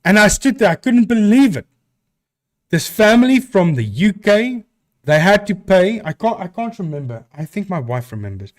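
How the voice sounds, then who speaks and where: A man's voice: high-pitched, very animated, moderate pace. A man from South Africa with a South African accent, a live stream host chatting casually and answering viewers with rambling restarts.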